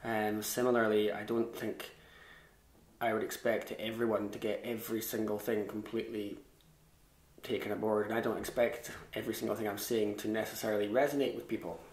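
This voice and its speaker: Male fiddle tutor, lowish voice, casual and self-deprecating, echoey room. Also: little pitch movement, a little fast. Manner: chatty and self-deprecating, with scat-sung rhythms. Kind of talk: relaxed online music lesson.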